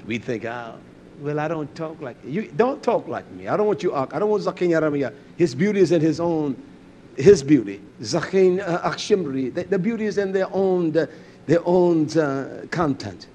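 An older man preaching an animated sermon, swinging between loud bursts and low asides. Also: normal speed, a little hiss or hum.

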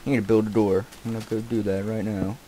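Excitable, distracted young man gaming. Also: on the low side, fast, noisy background. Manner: distracted, excitable, swears, shouts at game characters. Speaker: gameplay commentator. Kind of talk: casual game commentary.

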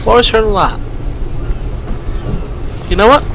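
A man hosting a let's play, commentating the game in an excitable, joking way and yelping at it. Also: high-pitched, takes it slowly, creaky, noisy background. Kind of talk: gameplay commentary.

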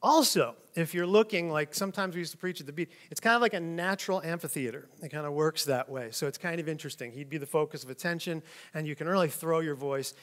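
A man teaching from the Bible in a relaxed, conversational way. He reads passages aloud and then explains them informally. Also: fairly high pitch, quick pace. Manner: conversational, with frequent "like" and "kinda". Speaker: preacher.

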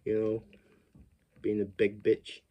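A man's voice: on the low side, completely flat delivery, slow pace, warm tone. A man casually recapping a horror film plot, rambling, profane and often laughing. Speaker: film reviewer.

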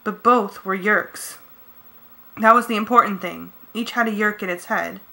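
A woman reading a first-person novel aloud as a fan audiobook, with brisk, tense storytelling. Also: medium pitch, creaky, pushed and bright, rough recording. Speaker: audiobook reader.

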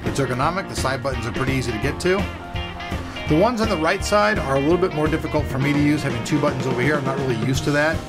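A tech reviewer who hosts his own channel unboxes a product, chatting enthusiastically and speaking directly to viewers. His voice is slightly high and racing, and he has a sore throat, with loud music playing underneath.

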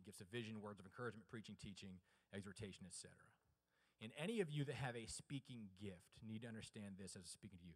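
A man delivering a chapel sermon, shifting from hushed, low passages to loud, high, emphatic preaching and calling on the audience to answer. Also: big-room sound. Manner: asks the audience questions and urges them to answer. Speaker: chapel speaker. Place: college chapel.

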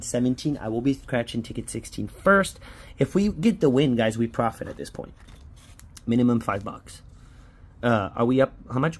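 A man's voice: medium pitch, slight background noise. A man giving casual running commentary as he scratches lottery tickets, chatty and hopeful, pleading with each ticket to hit.

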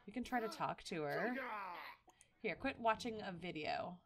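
A woman narrating her game playthrough in a casual, chatty way. Her pitch bounces around in an animated, expressive sweep. She reacts excitably, with gasps and laughter. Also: unhurried, gravelly, crowd noise. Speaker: gaming video host. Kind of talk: casual let's-play commentary.

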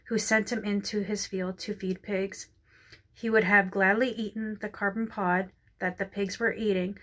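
A woman reads scripture aloud and shares a prophetic word, her voice staying level and narrow in pitch. She often stumbles over words and apologizes. She is emotional and close to tears. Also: a bit bright. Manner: halting reading with stumbles and apologies. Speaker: Christian counselor sharing a prophetic word. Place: dark room indoors.

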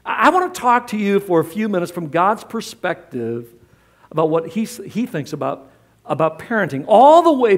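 A middle-aged pastor preaching a sermon in church, emphatic and repeating his key lines. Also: high voice.

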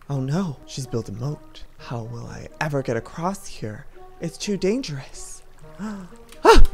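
A man's voice: fairly high pitch, very animated, slow, soft background music. A man hosting a playful let's-play video, talking theatrically with frequent gasps and sneaky stage whispers. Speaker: gaming video host.

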